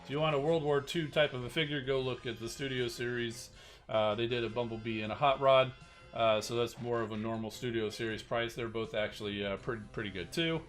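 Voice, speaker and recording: With faint music behind him, a man with a steady, mid-range, slightly bright voice talks a little fast. He's a toy collector hosting his channel's casual livestream show-and-tell of collectible figures, rambling with many fillers and restarts.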